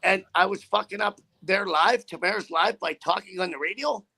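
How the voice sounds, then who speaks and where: A man's voice: high voice, moderate pace, gravelly, bright, forceful tone, slightly rough. A man who drives trucks, telling a story in a casual interview with a profane, rambling, heated manner.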